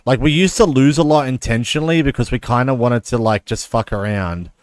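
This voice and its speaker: A man's voice: mid-range voice, a little fast, no echo. A man streaming chess, chatting casually and telling a long profane story full of fillers. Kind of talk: casual stream chat while playing chess.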